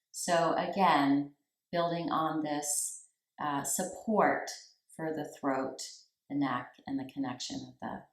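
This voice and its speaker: A woman teaching a yoga class, giving slow, calm cues for breath and posture with long pauses between them. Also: sits low. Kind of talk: guided yoga class instruction. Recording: echoey room.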